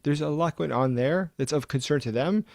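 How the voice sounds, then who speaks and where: A man speaking as a guest political adviser, giving quick, animated analysis and chuckling between points. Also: a little high, creaky, no room sound, clean studio sound. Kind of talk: conversational analysis.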